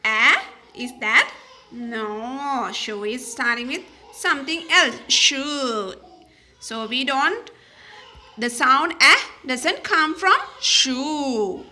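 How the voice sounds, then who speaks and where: Woman, phonics teacher for kids, unhurried, repeats each sound, bright tone. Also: sits high, big pitch swings. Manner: repeats sounds and words slowly, with small slips and restarts. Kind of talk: slow, sing-song phonics lesson for young children.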